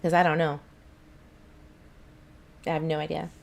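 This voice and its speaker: A woman's voice: low-pitched, level tone, measured pace, vocal fry, darkish tone. A woman, hosting a casual livestream and chatting back to viewers' comments in a rambling way. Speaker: channel host.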